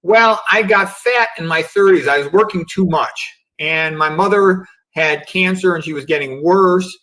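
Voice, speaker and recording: A man's voice: high voice, moderate pace, bright, forceful tone, poor audio. A middle-aged man, a physician guest on a remote video call, talking in a reflective, philosophical way and often saying "you know" and "okay". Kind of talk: casual livestream interview.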